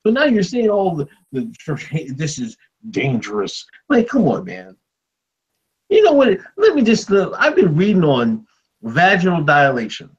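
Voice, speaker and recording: A man voicing a loud conservative male veteran uncle who rants and heckles, his pitch jumping high when outraged. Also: big pitch swings, unhurried, slightly rough, heavily acted. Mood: ranting. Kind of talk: comedic podcast role-play. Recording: dull lo-fi audio.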